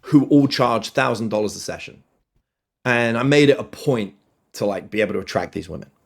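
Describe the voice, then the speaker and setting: Animated man telling stories. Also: fairly low pitch, fairly quick, vocal fry. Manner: animated storyteller, acts out quotes in other voices. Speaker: dating coach, podcast guest. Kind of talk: podcast interview.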